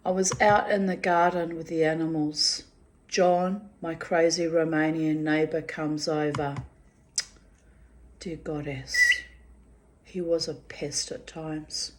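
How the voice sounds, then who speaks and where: A mature woman reads from her personal diary in a slow, unhurried way. Her voice sits a little low, and she speaks bluntly, with frank swearing and exasperated asides. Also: level tone, slight background noise. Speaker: diarist reading her journal. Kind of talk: diary-style personal reading.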